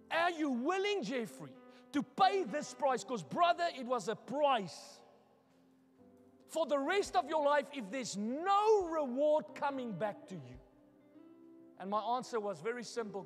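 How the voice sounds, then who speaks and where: A male pastor preaching a sermon, moving from hushed, personal storytelling to loud, daring challenges to the congregation. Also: high voice, big-room sound. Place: church hall.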